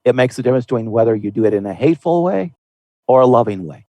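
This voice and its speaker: A man's voice: mid-range voice, lively intonation, fast talker, warm tone, no echo, lo-fi sound. A man hosting a Christian podcast, explaining in an earnest, folksy way with frequent restarts. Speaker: podcast host. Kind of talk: conversational Christian podcast discussion.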